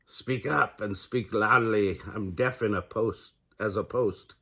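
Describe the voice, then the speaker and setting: A cross, sleepy old owl from a storybook, scratchy and curt, voiced by a grandfather. His husky voice wants everyone gone. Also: fairly low pitch, slow pace, sharp tone, exaggerated voice. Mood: grumpy. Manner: grumpy, curt.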